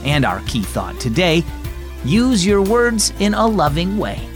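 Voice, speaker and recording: A man's voice: high-pitched, very animated, unhurried, faint music behind. A man hosting a children's devotional program, upbeat and speaking directly to young listeners. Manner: bright, upbeat, talks directly to kids. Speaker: host.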